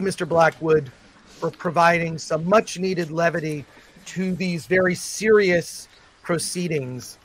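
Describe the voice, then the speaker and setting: A man's voice: a little high, fairly bright tone. A man hosting a livestream as a mock judge. He speaks formally, like a judge, with frequent fillers, over a video call. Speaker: host presiding as mock judge. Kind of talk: mock-formal courtroom role-play on a livestream.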